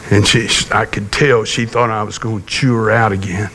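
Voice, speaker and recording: A man preaching a sermon, telling a personal story in a folksy, gently humorous way. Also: lowish voice, steady tone, moderate pace, a little hiss or hum. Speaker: pastor.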